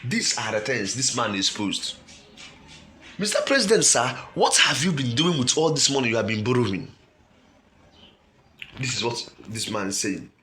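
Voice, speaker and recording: A man's voice: medium pitch, very animated, normal speed, long pauses, sharp tone. A man with a Nigerian English accent reads out a statement and comments on it emphatically, often asking himself "what?" before a key word.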